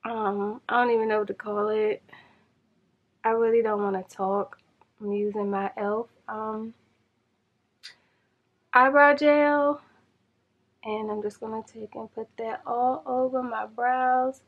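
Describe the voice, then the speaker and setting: A woman chatting to viewers in a casual makeup challenge vlog, flustered and rushing against a timer. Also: on the high side, little pitch movement, phone-quality sound. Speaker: beauty vlogger.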